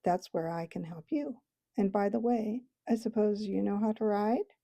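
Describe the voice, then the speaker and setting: A woman's voice: mid-range voice, normal speed, gravelly, mellow. Fields: Woman doing a proud talking warhorse, storybook. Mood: lecturing. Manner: haughty, lecturing. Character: proud talking male warhorse, brisk and bossy.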